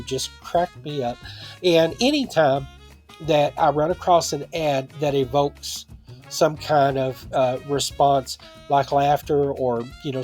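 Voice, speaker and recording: A man's voice: mid-range voice, darkish tone. A man casually talking through items he has sold, rambling conversationally with personal asides. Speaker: online seller and vlogger. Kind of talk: casual vlog talk.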